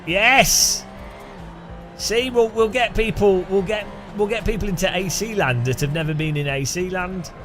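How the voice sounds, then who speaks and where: A man's voice: sits high, normal speed, a bit bright, soft background music. A man from England chatting casually with his live-stream audience, laughing often and greeting viewers by name. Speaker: game streamer.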